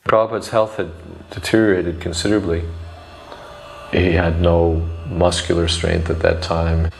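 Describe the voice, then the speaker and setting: A man with a gravelly voice recalling past events as a devotee. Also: low-pitched, flat delivery, moderate pace, a little hiss or hum, poor audio. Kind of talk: reflective recollection.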